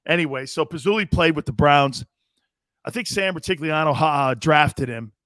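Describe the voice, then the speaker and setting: A man from Connecticut hosting a sports talk show, rambling excitably, laughing often and talking in a casual way. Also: a little high, moderate pace, dry recording, studio quality. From Connecticut, United States.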